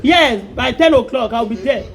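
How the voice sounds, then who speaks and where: Nigerian man, very high voice, strained and hoarse-edged, angry shouting, phone mic outdoors, faint chatter around. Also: normal speed. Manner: shouts angrily, switching between English and Yoruba. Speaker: vlogger. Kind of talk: heated live phone vlog.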